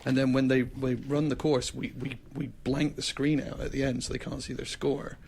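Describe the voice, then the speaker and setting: A man's voice: mid-range voice, moderate pace, vocal fry, a little hiss or hum. A man casually telling an anecdote as a podcast guest, acting out the voices of the people in his story. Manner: lively storyteller who acts out the other people in his story.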